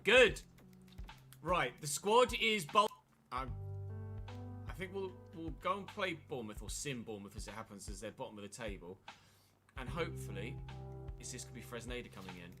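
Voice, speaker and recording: A man's voice: mid-range voice, expressive, brisk, over music. Chatty man, streamer commentary. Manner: chatty, wry, replies to live chat. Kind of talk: casual game commentary.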